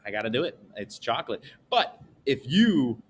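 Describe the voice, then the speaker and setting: A man hosting a podcast, joking around in a mock pitchman delivery before slipping back into casual chat. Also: very animated, moderate pace, a little hiss or hum. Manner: playful, jokey pitchman delivery.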